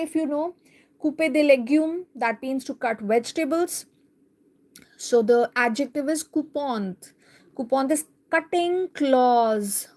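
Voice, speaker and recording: Her voice sitting high, a woman teaches a live beginner French lesson by reading a picture book aloud. She explains each line slowly and carefully.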